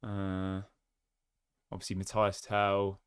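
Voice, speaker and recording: A man's voice: low voice, completely flat delivery, takes it slowly, clear, resonant tone, no room sound, clean studio sound. A man hosting his own football fan channel, chatting casually and thinking aloud with small restarts. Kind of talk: casual solo fan commentary.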